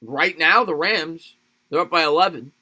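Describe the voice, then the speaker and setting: An energetic man calls a football game play by play for his livestream audience, stopping to answer viewer comments. His voice is bright and forward and sits a bit high, and he laughs easily between calls. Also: moderate pace. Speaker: livestream sports play-by-play host. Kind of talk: play-by-play commentary mixed with live chat replies.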